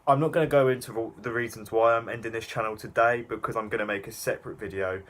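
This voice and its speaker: A man's voice: mid-range voice, steady tone, fast talker, fairly bright tone. A young man rambling through self-mocking reaction commentary, with lots of fillers. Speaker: YouTuber.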